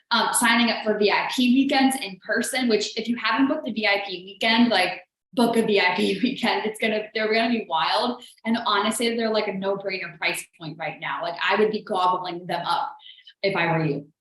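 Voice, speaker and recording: A business coach, a woman with a mid-range, fairly bright voice, speaks at a moderate pace on her live show. Her motivational talk is earnest and chatty, full of "like", recorded in a very echoey space.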